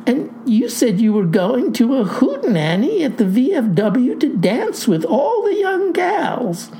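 A woman's voice: high voice, wildly swooping pitch, measured pace, gravelly, mellow, a little hiss or hum, voice pushed up, exaggerated voice. A woman voicing a flustered, bewildered young female postal clerk who exclaims in a rattled way.

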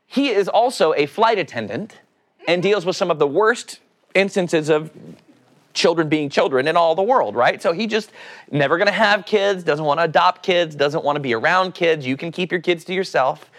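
Fairly high in pitch and at normal speed, a man preaches in a casual, lively way. He jokes with the listeners, asks them questions, and performs the voices of the people he quotes.

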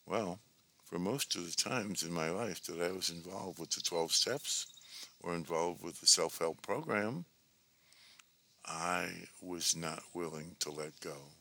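A man giving a reflective, measured talk on recovery, with pauses and fillers. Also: low-pitched, creaky, sharp tone. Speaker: speaker on twelve-step recovery.

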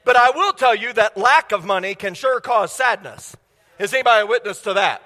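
A man preaching with a strikingly high, bright and forceful voice, full of enthusiasm and chatty asides to the congregation. His words ring out through a church sanctuary with a long hall reverb trailing behind them. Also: lively intonation, a little fast. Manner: enthusiastic, conversational, asks the crowd questions. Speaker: guest preacher. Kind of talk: sermon.

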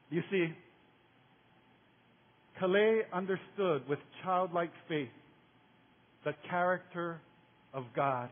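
A male pastor telling a story in a sermon, animated and casual, with slang and repeated words. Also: high voice, slow, pauses often. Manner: animated storyteller, builds to excited peaks. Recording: tinny phone-like sound.

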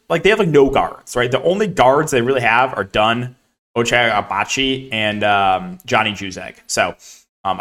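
A young man hosting a solo sports podcast, talking at a middle pitch in a loose, unscripted way. He rattles through player names and numbers and fills the gaps with plenty of ums and likes. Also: fairly bright tone. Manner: rapid, filler-heavy, lists names and numbers. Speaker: fantasy sports analyst. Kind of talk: casual solo podcast breakdown.

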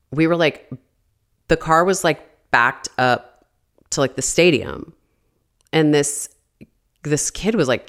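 A woman in her thirties hosting a podcast, telling a story casually, peppered with "like" fillers and swearing. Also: low voice. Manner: chatty, constant "like" fillers, frequent swearing. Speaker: podcast host.

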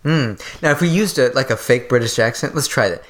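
A woman's voice: very deep voice, a little fast. A woman co-hosting a podcast, bantering playfully and joking in casual chat. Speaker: podcast co-host.

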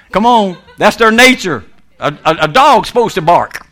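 A man preaching a lighthearted sermon, his voice sitting high and swinging widely up and down. He laughs often and breaks into voices for the people in his stories, punctuating it all with amen and come on. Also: pushed and bright. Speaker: minister. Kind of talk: humorous preaching.

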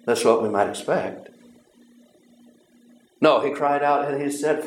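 A man preaching a sermon, earnest and halting, with repeated words and long pauses. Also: medium pitch, slight background noise. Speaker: pastor. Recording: roomy echo.

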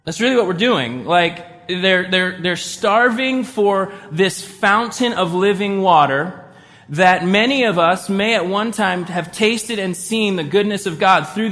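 Man, pastor, fairly high voice, conversational sermon, church hall echo. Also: bright, forceful tone. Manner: conversational preaching, acts out inner voices with sighs. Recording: long reverb of a church hall.

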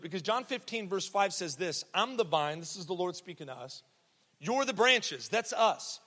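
A man's voice: high voice, animated, moderate pace, bright, forceful tone. A young man preaching a sermon in a church, telling a story in a casual, joking way with asides to the crowd. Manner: conversational storytelling with laughs and asides. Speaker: pastor. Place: church sanctuary. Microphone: handheld or headset mic. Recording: long hall reverb in a church.

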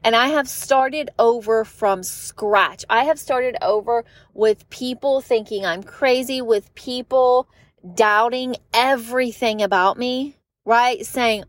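A woman's voice: fairly high pitch, slow, no room sound. A young woman giving a chatty, emphatic motivational talk about business, often laughing and acting out quoted voices. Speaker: online business coach.

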